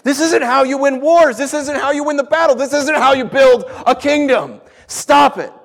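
A man's voice: very high voice, moderate pace, creaky, a bit bright, in a large hall, pitched above the performer's own voice, heavily acted. A man voicing a frantic male disciple who scolds his leader in an exasperated, pleading outburst.

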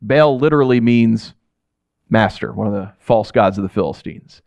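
A man's voice: fairly low pitch, normal speed, creaky, no room sound, dull audio. Conversational male pastor preaching. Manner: conversational, animated, frequent "right?" asides. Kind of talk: sermon.

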